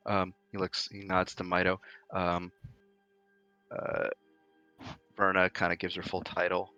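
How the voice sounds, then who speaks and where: A man runs a tabletop role-playing game as game master, narrating what the characters do. His voice is lowish and bright, with a sharp edge. He talks casually, with plenty of fillers. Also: monotone, measured pace, pauses often, no echo, dull audio, faint music behind.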